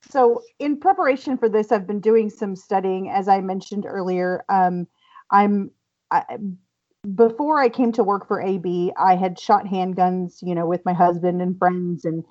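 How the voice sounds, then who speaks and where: A woman's voice: mid-range voice, steady tone, measured pace, a little mellow. A woman hosting a casual podcast chat from home, laughing often and using lots of fillers. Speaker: podcast host. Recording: dull lo-fi audio.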